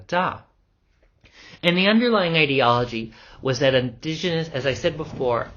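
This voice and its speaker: A man's voice: mid-range voice, pushed and bright. A man lecturing on anthropology in a loose, casual way, full of ums and the odd swear word. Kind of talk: recorded lecture. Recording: dull lo-fi recording.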